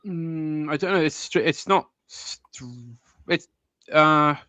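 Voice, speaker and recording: A man talking on a video-call stream in a casual chat, excitable, with many hesitant restarts. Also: fairly high pitch, slow pace, smooth, dry recording. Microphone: desk mic on a video call.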